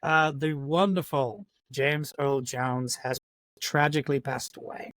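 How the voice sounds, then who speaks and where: A man's voice: medium pitch, fairly even intonation, a little slow, a bit bright, no room sound. A man from Yorkshire putting on an American accent as a podcast co-host, chatting in sweary, self-mocking banter. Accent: put-on American accent. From Yorkshire, England. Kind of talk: casual podcast chat.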